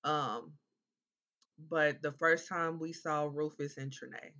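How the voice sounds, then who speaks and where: A young man co-hosts a laid-back podcast and talks slowly and deliberately. His voice is bright and a little high. The recording sounds somewhat dull and lo-fi. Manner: laid-back, agreeing with frequent "right", long recaps. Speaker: podcast co-host. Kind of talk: casual chat.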